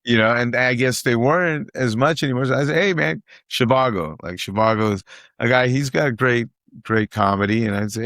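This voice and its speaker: This middle-aged man, a guest comedian, tells stories in a relaxed chat with a mid-range, fairly bright voice at a fairly quick clip. He repeats phrases for emphasis and acts out what others said, and the recording is dry with clean studio sound.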